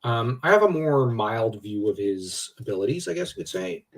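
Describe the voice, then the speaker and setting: A man's voice: mid-range voice, sing-song, moderate pace. A man co-hosting a livestream in casual fan discussion, rambling with many fillers and restarts, getting worked up at times. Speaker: livestream co-host. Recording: distant from the mic.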